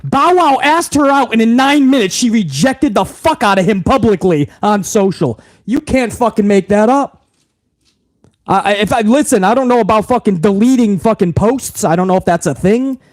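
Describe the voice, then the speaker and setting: New guy ranting about wrestling, swears a ton, high voice, all over the place. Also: lively intonation, moderate pace. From New York. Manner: profane, ranting, sarcastic. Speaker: wrestling podcast host. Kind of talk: casual rant.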